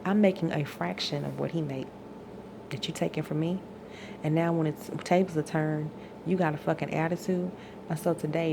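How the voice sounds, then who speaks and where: Woman, low gravelly voice, exasperated venting rant, noisy home recording. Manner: venting, exasperated, profane, rising to outbursts. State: tired. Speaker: vlogger venting. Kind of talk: emotional personal rant.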